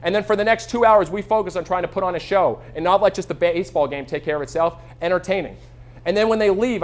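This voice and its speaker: A man in his thirties giving a live keynote to an audience, telling energetic stories and acting out quoted voices. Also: fairly high pitch. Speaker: keynote speaker. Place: stage before a live audience.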